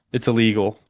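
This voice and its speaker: A man's voice: lowish voice, no echo, studio quality. A man in his twenties hosting a live trading stream, chatting with viewers and calling the market in a slangy, laid-back way. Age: 20s. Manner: slangy, laid-back, says dude a lot. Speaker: day-trading livestream host. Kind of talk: casual livestream chat with market commentary.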